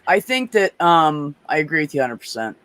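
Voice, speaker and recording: Man guest on a casual chat show, slightly higher voice, animated, freely profane. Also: fairly quick, no echo. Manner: animated, swears freely, storytelling.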